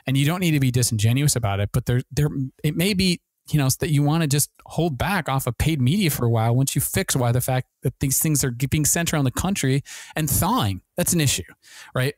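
A man hosting a marketing podcast, talking very fast with many restarts and fillers. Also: mid-range voice, animated, a little mellow, no room sound. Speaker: podcast host and ad consultant.

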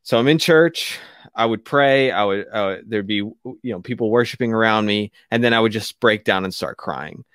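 A man telling a candid, emotional personal story as a guest on a radio talk show, halting often and restarting his sentences. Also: fairly low pitch, fairly bright tone, smooth, dry recording, studio quality. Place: radio studio.

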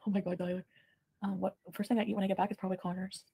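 A woman's voice: mid-range voice, flat delivery, racing, gravelly, warm tone, husky. A woman from Ottawa chatting casually on a livestream, giggling and answering viewer comments. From Ottawa, Canada.

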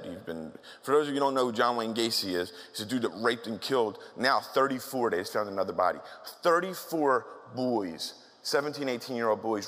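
A man's voice: medium pitch, a bit bright. A man speaks at a talk in a mid-range voice and tells his story candidly in a conversational way, often stopping to restart a sentence. His voice echoes with long reverb through a large hall. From South Philadelphia, USA.

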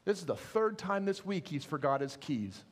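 A man's voice: a little high, sing-song, normal speed, a little hiss or hum. A man voicing an exasperated male dog owner who scolds dismissively, in an echoey church hall. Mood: scornful.

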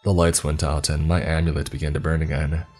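A man with an extremely deep, husky voice narrates a scripted horror story. His delivery is low and dark, and faint music plays underneath. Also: flat delivery, fairly quick.

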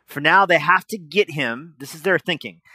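A man's voice: fairly high pitch, moderate pace, pushed and bright, breathy edge, no room sound. A man as pastor, preaching a conversational sermon with emphatic explanations and casual asides.

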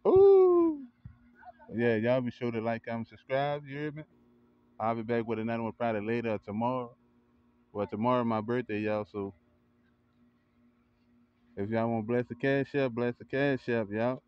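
A man vlogging casually in a backyard, hyping up what he sees with excited cheers and frequent laughs. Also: medium pitch, moderate pace, long pauses, clean tone, dull audio. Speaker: vlogger and kennel owner. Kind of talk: casual hype commentary. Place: outdoor backyard by a grill.

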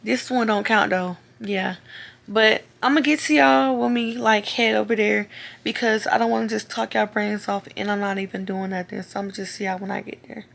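A woman's voice: mid-range voice, steady tone, moderate pace, vocal fry, a bit bright. A young woman chatting casually to her viewers. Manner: chatty, slangy, talks straight to viewers. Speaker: vlogger. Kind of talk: casual vlog chat.

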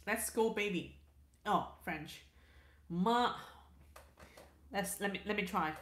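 Reading out viewer comments on a relaxed livestream, this host chats along, often repeating words and starting sentences over. She speaks slowly with a medium-pitched, fairly bright voice, and the room sounds echoey.

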